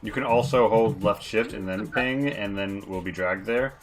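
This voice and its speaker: A man's voice: on the low side, normal speed, faint music behind. A man playing a tabletop game, teasing the game master in a dry way. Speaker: player.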